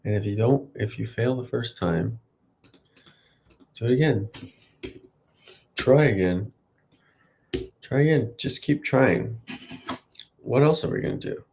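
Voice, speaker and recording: A man's voice: medium pitch, slow, vocal fry, long pauses, darkish tone, a little hiss or hum. A man in his late thirties talking casually to the camera in a rambling, self-encouraging vlog. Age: late 30s. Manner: chatty, self-encouraging, wandering. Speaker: vlogger.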